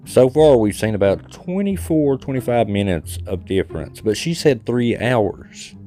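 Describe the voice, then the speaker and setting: An American man hosting his channel, reading viewer comments in casual, animated commentary with jokes and laughs. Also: medium pitch, unhurried, faint music behind.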